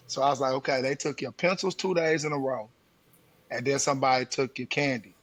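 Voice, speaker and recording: A man's voice: medium pitch, brisk. A man co-hosting a podcast, telling a parenting story in casual chat and acting out the quotes while he laughs. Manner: animated, laughing storyteller who acts out quotes. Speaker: podcast co-host.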